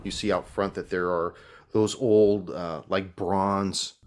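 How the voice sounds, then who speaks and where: A man's voice: low-pitched, fairly even intonation, takes it slowly, a little hiss or hum. A man narrating a tabletop game as game master, in a laid-back way with casual fillers.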